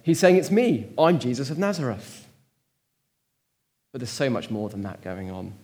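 A man's voice: mid-range voice, big pitch swings, moderate pace, a little mellow. A man preaching a sermon in church, stressing words with strong rises and drops. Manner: emphatic, rising and falling for stress.

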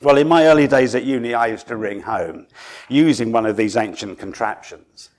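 A man from Suffolk in England, preaching a sermon in a dramatic storytelling way that drops to a hush and then rises for emphasis. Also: medium pitch, normal speed.

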